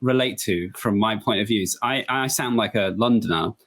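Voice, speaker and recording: A man from Middlesbrough chats casually on a podcast, his voice a little husky. He tells self-deprecating anecdotes in a relaxed, conversational way. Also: on the low side, moderate pace. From Middlesbrough, England.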